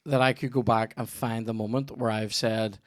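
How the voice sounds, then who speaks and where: A man's voice: on the low side, fairly even intonation, normal speed, dry recording, clean studio sound. A young man hosting a casual comedy podcast, sweary and rambling, often trailing off mid-thought. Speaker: podcast host.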